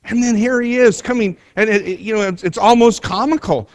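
A man's voice: sits high, fairly quick, no echo, clean studio sound. A man preaching an earnest sermon, retelling a scripture story with rising emphasis. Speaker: pastor.

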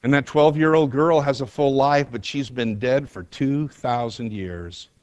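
A man's voice: medium pitch, unhurried, darkish tone, no echo. A man preaching an earnest sermon, retelling a scripture story with rising emphasis. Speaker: pastor.

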